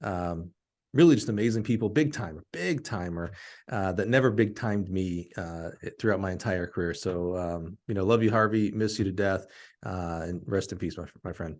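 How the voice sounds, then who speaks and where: A middle-aged man from Alabama, hosting a podcast and telling a story in an animated, laughing way. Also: low-pitched, moderate pace. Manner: animated, laughing storyteller who acts out quotes. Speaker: podcast host.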